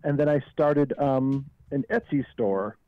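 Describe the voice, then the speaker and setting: A man's voice: medium pitch, unhurried, no room sound, dull audio. A man from Southern California, a guest author telling stories in a casual interview with a wry, joking manner.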